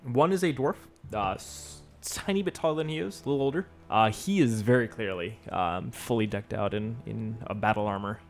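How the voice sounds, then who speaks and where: A man with a lowish voice narrates a tabletop role-playing game as its game master. He talks casually and stops often on fillers. Faint music plays behind him. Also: normal speed. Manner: casual, hesitant with many fillers. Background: background music.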